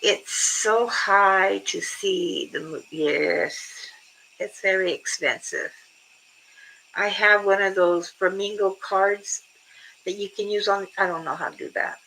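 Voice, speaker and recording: Slow, gravelly older woman chatting. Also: medium pitch, pushed and bright, slight background noise, poor audio. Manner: rambling storyteller, laughs often. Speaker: livestream host. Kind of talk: casual chat with viewers.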